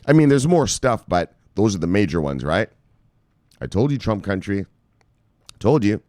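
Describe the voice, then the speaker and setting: A man's voice: fairly low pitch, very animated, normal speed, a little mellow, dry recording, studio quality. A man hosting crypto news, ranting with casual profanity and lots of fillers. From United States.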